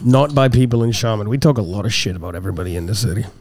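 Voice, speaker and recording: A man from England co-hosting a podcast, talking loud and fast, swearing and laughing often in casual banter. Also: fairly low pitch, lively intonation, gravelly. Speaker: podcast co-host.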